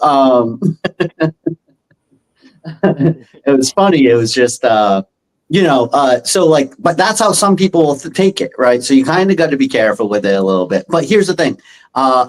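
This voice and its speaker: Relaxed man telling stories on a panel. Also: medium pitch, poor audio. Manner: relaxed, storytelling, laughs often. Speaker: panel guest. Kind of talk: casual panel discussion.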